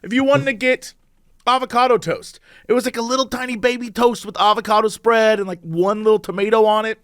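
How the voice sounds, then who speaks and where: A man's voice: high-pitched, a little fast, smooth, no room sound, clean studio sound. A man co-hosting a podcast, telling stories in casual chat with lots of laughter. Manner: animated, laughing storyteller. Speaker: podcast co-host.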